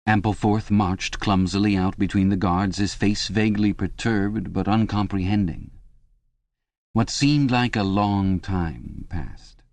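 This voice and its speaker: A man giving scripted audiobook narration in an even, measured reading. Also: lowish voice, no echo.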